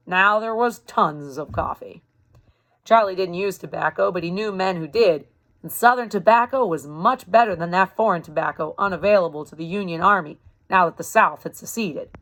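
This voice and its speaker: A woman reading a historical novel aloud in an even, everyday voice at a middling pitch. Between passages she slips into loose, chatty explanations aimed at young listeners, correcting herself and rereading when she stumbles. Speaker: reader for a youth club.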